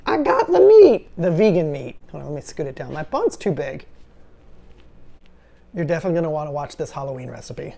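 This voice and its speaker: A man's voice: a little high, a little fast, gravelly, pauses often, warm tone. A man in his late forties chatting enthusiastically as he hosts a cooking video at his stove, wandering into rambling asides. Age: late 40s. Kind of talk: casual cooking vlog chat. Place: home kitchen at the stove.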